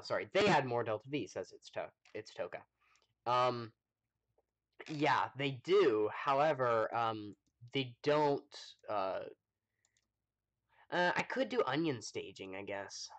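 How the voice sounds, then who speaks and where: A man's voice: medium pitch, fairly bright tone. Chatty man streaming a game. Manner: chatty, thinks aloud, many ums, reads chat. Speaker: gaming livestreamer. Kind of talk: casual live gameplay commentary.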